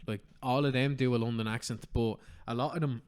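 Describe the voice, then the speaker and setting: An Irish man chats as a podcast guest, his voice clean and smooth. He talks quickly and thinks out loud. His sentences wander on in loose, rambling clauses. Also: mid-range voice, fairly even intonation. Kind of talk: casual podcast chat.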